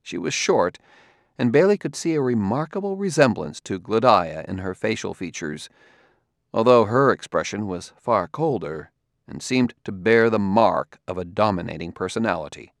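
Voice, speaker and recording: Male audiobook narrator, low voice, measured, dry close recording. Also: animated, creaky, dry recording. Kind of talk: scripted narration.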